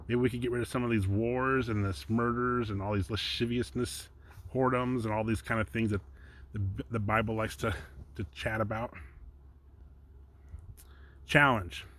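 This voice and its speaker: A man giving an informal Bible teaching from his slides, chatty and rambling, breaking off often to chuckle. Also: mid-range voice. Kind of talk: casual home teaching with slides.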